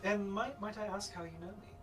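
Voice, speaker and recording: A man's voice: high-pitched, fairly even intonation, brisk, voice pushed up, natural voice. A man voicing a haughty young noblewoman who speaks in a formal, aloof way. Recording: distant mic, background music.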